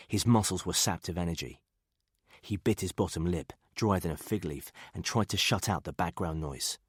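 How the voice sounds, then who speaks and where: A man reading a thriller audiobook in a measured, even way. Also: low voice, slightly rough, no room sound, clean studio sound. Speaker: audiobook narrator. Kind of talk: scripted thriller narration.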